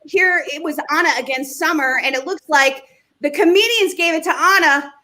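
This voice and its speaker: A woman with a high, bright voice hosts a live comedy show. She reads joke headlines and banters with the panel in a bubbly, giggly way that keeps breaking into laughter. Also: moderate pace, poor audio. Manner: bubbly, giggly, self-interrupting. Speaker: host.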